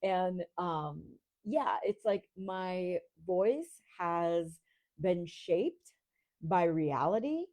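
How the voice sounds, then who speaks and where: An American woman from Rhode Island, hosting a coaching podcast and teaching in a slow, deliberate, articulate way. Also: on the low side, lively intonation, darkish tone. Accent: neutral American, Rhode Island traces on a few words. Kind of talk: teaching monologue.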